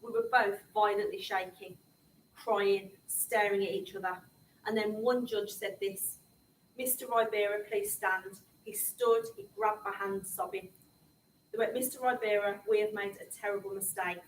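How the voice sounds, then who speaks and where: A woman's voice: mid-range voice, steady tone, moderate pace, a little hiss or hum. A middle-aged woman telling her story to young people in an impassioned public talk. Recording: echoey room, speaker far from the mic.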